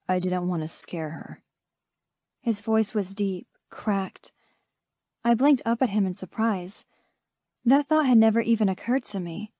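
A woman reading an audiobook as scripted first-person narration, in a measured, steady manner on a close studio mic. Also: mid-range voice, no room sound.

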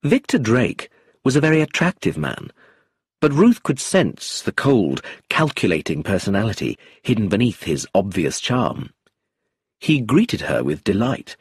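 A man narrating an audiobook in a slow, very expressive reading. His voice is low and husky, with lively, swinging pitch. The sound is dry and close. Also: dry recording.

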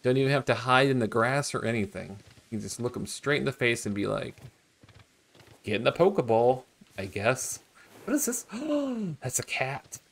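A man streaming a video game, talking casually and getting excited about each new find. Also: mid-range voice, normal speed, vocal fry, hardly any pauses. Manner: excitable, gasping and laughing at new discoveries. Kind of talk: casual gameplay commentary.

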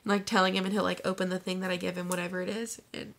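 A woman's voice: on the low side, little pitch movement, rapid-fire, vocal fry. A woman in her twenties vlogging to her phone camera, chatty and gushing, filling her talk with "like". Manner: bubbly, gushing, says "like" constantly. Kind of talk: casual chat to camera.

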